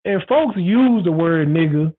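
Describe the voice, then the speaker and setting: A man with a high voice hosts his own show, speaking in a loose, frank casual monologue. He circles back and repeats himself for emphasis. The sound is thin and tinny, like a phone line. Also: lively intonation, unhurried. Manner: rambling, repetitive, frank and emphatic. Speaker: show host.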